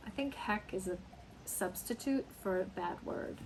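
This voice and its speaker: A woman teaching an English lesson, speaking slowly and acting out example phrases with big, dramatic exclamations. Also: mid-range voice, creaky, a little mellow, slight background noise, low-quality recording. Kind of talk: slow, emphatic English lesson.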